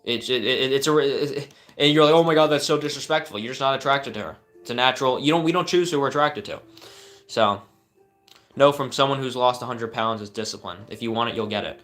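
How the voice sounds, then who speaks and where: A man's voice: mid-range voice, a little fast, a bit bright, soft background music. A young man hosting a live stream, answering viewer questions with earnest coaching advice and frequent fillers and restarts.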